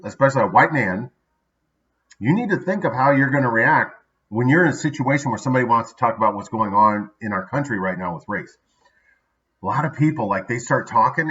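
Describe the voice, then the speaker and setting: A man's voice: medium pitch, pushed and bright, distant mic, muffled recording. A man hosting a daily motivational video, talking casually and upbeat, checking in with "right?" asides.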